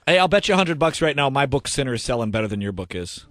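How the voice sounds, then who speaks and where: A man's voice: medium pitch, very animated, racing, a bit bright. A man hosting a radio show, teasing and self-mocking in comedic banter.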